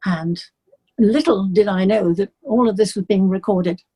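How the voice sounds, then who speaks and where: An older English woman, a singer being interviewed, telling stories in a lively way and acting out the people she quotes. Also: mid-range voice, unhurried, husky. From England. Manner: animated storyteller, acts out the people she quotes. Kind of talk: casual storytelling.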